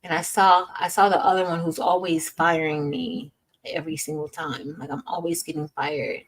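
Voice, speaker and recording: A woman's voice: low-pitched, level tone, moderate pace, poor audio. Chatty woman hosting a craft livestream. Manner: chatty and upbeat, greets viewers by name. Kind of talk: casual livestream chat greeting viewers.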